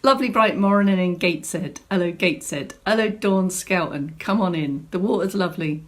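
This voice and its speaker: A woman's voice: fairly low pitch, brisk. Chatty woman fitness instructor greeting viewers. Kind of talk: live online class welcome. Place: home room set up as studio.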